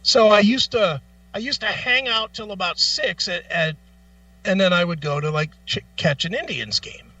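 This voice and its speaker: Man, co-host, casual profane storytelling, bright lively voice, a bit off-mic. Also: sits high, moderate pace, no echo, recorded from a distance, dull audio. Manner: profane, animated anecdote telling.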